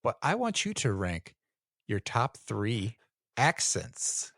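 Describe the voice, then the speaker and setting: A man's voice: medium pitch, sing-song, slow, creaky, fairly bright tone, slightly rough, dry recording, clean studio sound. A man co-hosting a podcast in casual chat, laid-back and rambling, often chuckling. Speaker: podcast co-host.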